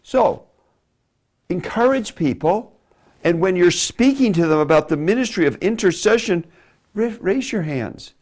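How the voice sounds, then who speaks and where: A man giving a preaching-style lesson on speaking, animated and emphatic, sometimes dropping to a quiet voice. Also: high-pitched, unhurried. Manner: animated, emphatic delivery with sudden drops to a quiet voice. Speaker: preacher teaching public speaking.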